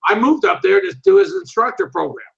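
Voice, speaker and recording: An older man in his sixties with a high, gravelly voice tells stories in an interview. He is blunt and swears freely. The audio sounds dull and lo-fi. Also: big pitch swings, fairly quick, a bit bright. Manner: blunt and profane, quotes people in his stories. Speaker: martial arts instructor, interview guest. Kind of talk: storytelling in an interview.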